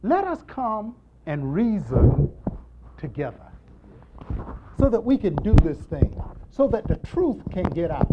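A male preacher delivers a sermon with animation, his pitch lively and wide-ranging as he drives points home through repetition and call-and-response. He moves from booming emphasis to hushed softness, and he takes his time. The audio is dull and lo-fi, with heavy background noise.

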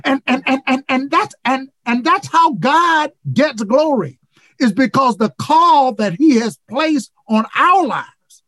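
A preacher in his seventies delivers an impassioned sermon over a video call, repeating phrases and building to shouts. His voice sits high, is expressive and slow, and carries no room sound.

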